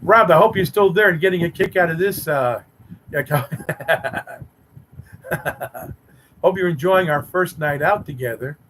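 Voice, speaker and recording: Playful rambling man, rather high voice. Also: a little slow, fairly bright tone, slight background noise, low-quality recording. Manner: teasing, mock-romantic banter with viewers. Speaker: livestream host reading chat. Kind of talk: rambling playful live chat.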